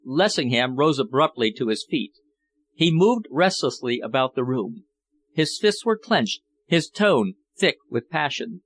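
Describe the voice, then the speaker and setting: Male audiobook narrator, measured and even, steady storytelling. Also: medium pitch, no echo.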